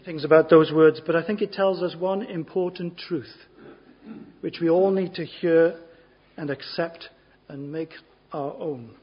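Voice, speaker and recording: A man with a high, husky voice delivers a sermon in short, emphatic phrases, pausing between each one. His rhetorical questions rise and fall. The recording is dull and lo-fi. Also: fairly even intonation. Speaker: preacher.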